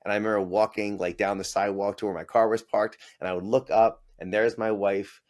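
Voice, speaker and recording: A man's voice: on the low side, flat delivery, brisk, darkish tone. A man in his forties, a business owner telling his story in a casual interview, acting out the voices of people he quotes and laughing often.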